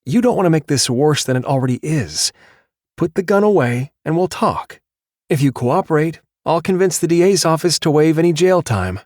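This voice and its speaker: Brief: man doing a tough female cop, firm, pitched up, audiobook. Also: expressive, moderate pace, a little mellow, no echo, clean studio sound, lightly acted. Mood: commanding. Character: determined female cop, adult.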